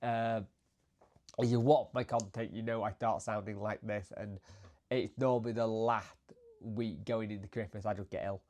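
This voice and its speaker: A man with a bunged-up, congested voice, feeling unwell and talking casually as the host of a football fan channel, chatty and rambling and trailing off quieter. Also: fairly low pitch, fairly even intonation, normal speed. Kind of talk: casual solo video commentary.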